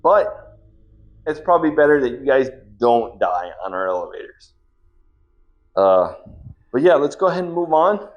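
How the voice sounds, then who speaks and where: A man's voice: medium pitch, sing-song, normal speed, long pauses, lo-fi sound, faint music behind. A man hosting a gaming channel and doing comedic in-character role-play, chatty and coaxing, often stammering and repeating his words.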